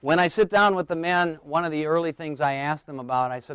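A man's voice: fairly high pitch, a little fast, smooth, dry recording. A middle-aged man, a therapist, telling stories to an audience and acting out his clients. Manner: animated storytelling, acting out clients. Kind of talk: talk to an audience.

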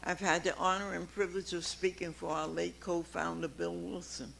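Gravelly-voiced woman in her nineties. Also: fairly low pitch, flat delivery, normal speed, slight background noise. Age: 90s. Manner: emphatic, swings from quiet to loud exclamations. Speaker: recovery meeting speaker. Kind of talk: personal testimony to a meeting.

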